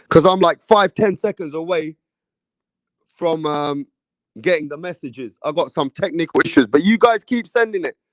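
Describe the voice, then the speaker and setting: A man's voice: high-pitched, dry recording. A man from England, hosting a casual live boxing chat stream and reading viewer messages. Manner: casual, chatty, slangy, keeps addressing viewers. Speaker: boxing show host.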